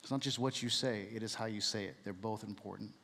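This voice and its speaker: A man's voice: on the low side, quick pace, gravelly, fairly bright tone, big-room sound. A man giving a casual, jokey church talk, asking the room questions as he goes.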